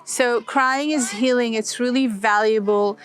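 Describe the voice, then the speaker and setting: A woman life coach talking casually to the camera outdoors in a gentle, encouraging way, laughing often. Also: fairly high pitch, steady tone, measured pace. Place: outdoors, children playing nearby.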